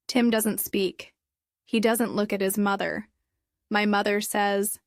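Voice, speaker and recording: Woman reading a simple english story super slow, clear, dead dry close mic. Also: medium pitch, fairly even intonation, no echo. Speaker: story narrator. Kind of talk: graded reader story narration.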